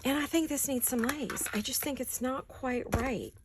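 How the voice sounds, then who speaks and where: A woman hosting a casual craft-along, thinking aloud as she works at her desk and often dropping into soft, muttered asides. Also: high voice, moderate pace, noisy background. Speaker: crafting channel host.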